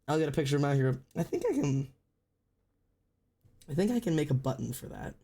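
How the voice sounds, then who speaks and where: Male streamer, slightly high-pitched, sore throat, keeps it low-key and chatty while drawing. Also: sing-song, gravelly, warm tone, husky. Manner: chatty, rambling, swears casually; deliberately low-energy delivery. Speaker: livestreamer. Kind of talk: casual livestream chat while drawing.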